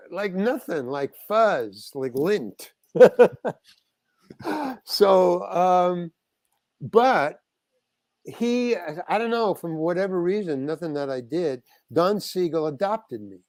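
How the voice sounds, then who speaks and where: A man's voice: high-pitched, lively intonation, slow, darkish tone, no room sound. An older man, a guest actor, telling a rambling anecdote in an interview, stopping and restarting as he acts out the exchanges he quotes.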